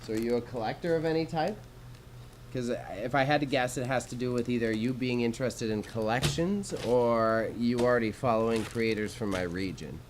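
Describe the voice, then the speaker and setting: A man's voice: medium pitch, moderate pace, poor audio. Casual Canadian male streamer, young, slangy and laid-back, faint room hum behind. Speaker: livestreamer. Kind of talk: casual livestream chat while sorting jewelry.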